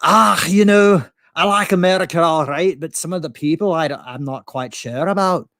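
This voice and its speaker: A chatty fake Scotsman with a thick, sing-song put-on Scottish brogue, the voice pushed noticeably higher than a man's usual speech, as a man hams it up. He rolls cheerfully through profane small talk in a dry, close recording. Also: normal speed, creaky, a bit bright, dry recording. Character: fake Scotsman, jolly young man on a plane.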